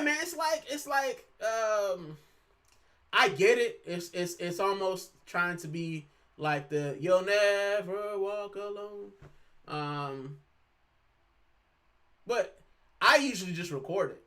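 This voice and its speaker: A man's voice: high voice, expressive, slow, bright, forceful tone. A man from Puerto Rico hosting a football fan channel, talking casually and with animation, full of fillers and "bro". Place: lives in the UK.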